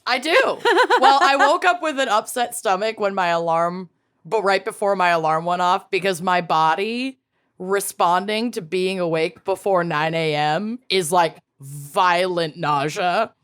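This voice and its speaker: A woman's voice: lowish voice, a little slow, clear, resonant tone. A woman co-hosting a podcast, telling rambling stories in casual chat. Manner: animated, rambling storytelling. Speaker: podcast co-host.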